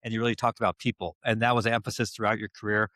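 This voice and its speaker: A male podcast host with a low voice asks loose, rambling questions and recaps the conversation at a fast clip, often restarting mid-sentence. The sound is dry and close. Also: level tone, pushed and bright, no echo. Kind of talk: casual podcast interview.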